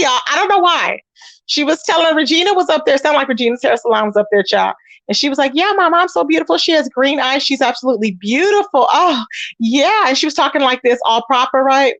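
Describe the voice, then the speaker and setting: A woman hosting a casual commentary channel, animated and sassy, talking straight to her listeners about online drama. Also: sits high, no room sound. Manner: animated and sassy, calls listeners y'all and baby.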